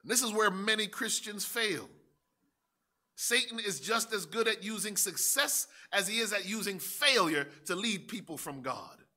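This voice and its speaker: A man preaching a sermon as pastor, dramatic and building up to shouts. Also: high voice, lively intonation, normal speed.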